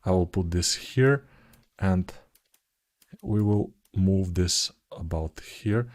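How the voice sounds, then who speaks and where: A forty-something man with a fairly low voice explains his 3D modeling steps at the computer. He speaks in a low-key, unhurried way, sinking to a murmur while he concentrates and slipping in dry joking asides. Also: darkish tone. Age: 40s. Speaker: 3D modeling tutor. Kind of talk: live commented modeling tutorial.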